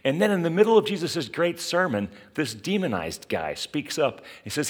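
A male pastor giving a sermon in an animated, conversational way, turning to his listeners with asides. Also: fairly high pitch, moderate pace, hardly any pauses.

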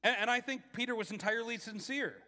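A man gives a conversational sermon, often doubling his words as he starts his thoughts. His voice sits high and sounds bright and forceful. A long reverb from a large hall trails each phrase. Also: fast talker. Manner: conversational, repeats words when starting sentences. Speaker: pastor.

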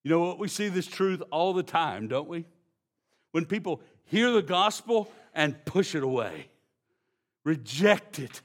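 A man with a Texan accent preaching a sermon, dropping to slow, hushed emphasis and then building into loud, excited storytelling. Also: a little high. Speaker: pastor.

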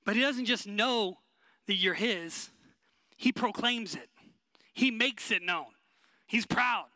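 A pastor preaching a sermon, emphatic and conversational, often repeating short phrases. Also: male voice, high voice, slow, pauses often, bright, forceful tone, dry recording.

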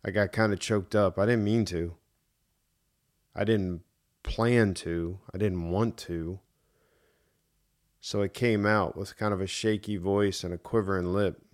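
Man, middle-aged, podcast host, earnest, emphatic, slow-paced, lowish voice. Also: steady tone. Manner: earnest, emphatic, repeats key points. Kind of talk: reflective solo podcast monologue.

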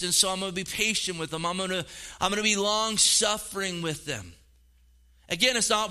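A high-voiced, middle-aged pastor moves at a moderate pace through an animated sermon. Along the way he acts out quotations in different voices and repeats words.

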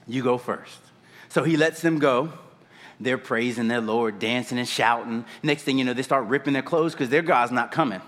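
A man preaching a sermon in a church, retelling a story in an animated, conversational way. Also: mid-range voice, moderate pace, in a large hall. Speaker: pastor.

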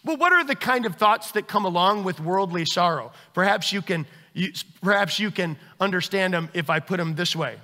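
Bright high-voiced man preaching in a hall. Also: expressive, normal speed, few pauses. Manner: acts out everyday scenes with quoted voices. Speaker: pastor. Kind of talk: sermon.

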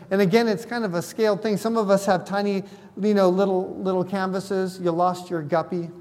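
A man's voice: on the high side, darkish tone. A man preaching a sermon as a pastor, talking conversationally and putting questions to the congregation. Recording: long hall reverb.

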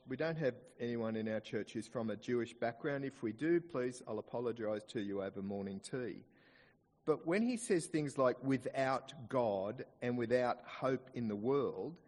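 An Australian man delivers a sermon from the pulpit, his pitch rising and falling freely as he slows down to press home the scripture he quotes. His voice has a middle pitch and carries the long reverb of a church hall. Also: breathy edge. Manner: expressive preaching, slows down to stress quoted scripture. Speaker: pastor.

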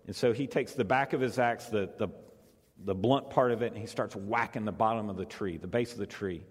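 A man's voice: fairly low pitch, a little fast, slightly rough. A male pastor preaching a conversational sermon to a congregation, repeating phrases for emphasis. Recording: long hall reverb.

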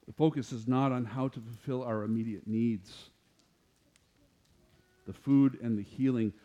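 A man preaching a sermon, animated, growing louder and higher as he quotes scripture. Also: a little slow, lo-fi sound. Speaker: pastor.

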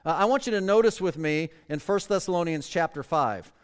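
A male pastor delivers an emphatic sermon in a high, smooth, resonant voice. He slows right down to hammer home key phrases. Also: animated, big-room sound.

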